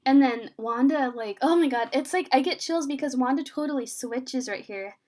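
High-voiced young woman, excited recap. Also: moderate pace. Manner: excited, filler-heavy retelling, acts out the scenes in quoted voices. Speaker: podcast co-host recapping a TV episode. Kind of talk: casual chat.

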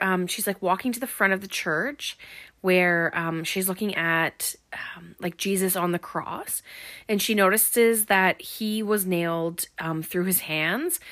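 Chatty woman recapping a movie, loose and rambling, slightly low pitch, dry booth-like sound. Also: fairly bright tone, no room sound. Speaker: film recapper. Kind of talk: casual film recap.

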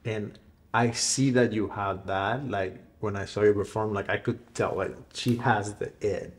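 A man with a fairly low voice asks questions in an easy, conversational tone. He sometimes drifts into his own memories before coming back to the guest. His delivery stays relaxed and unhurried. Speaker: interviewer, filmmaker. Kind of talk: casual interview questions.

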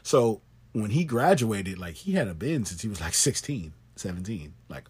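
A man with a husky, slightly rough voice co-hosting a podcast. He talks in a laid-back, slangy way and keeps checking in with his co-host. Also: on the low side, very animated, normal speed, darkish tone. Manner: laid-back, slangy, fills with "you know what I'm saying". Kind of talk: casual podcast chat.

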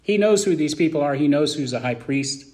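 A man preaching a verse-by-verse sermon as a pastor, talking in an animated, colloquial and emphatic way. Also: fairly high pitch, fairly quick.

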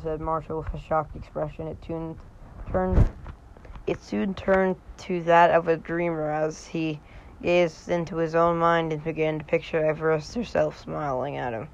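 A man reading a fan story aloud with dry sarcasm, tripping over phrases and mocking the text. His voice is gravelly and slightly high, with a faint hiss behind it. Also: level tone, measured pace, lo-fi sound. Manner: sardonic asides, stumbles over words. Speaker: reader. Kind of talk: comedic fan fiction reading.

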